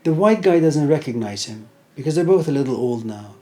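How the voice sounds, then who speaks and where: A man's voice: fairly high pitch, expressive, a little fast, warm tone. A middle-aged man giving an informal lecture, retelling a story in a conversational way with many fillers.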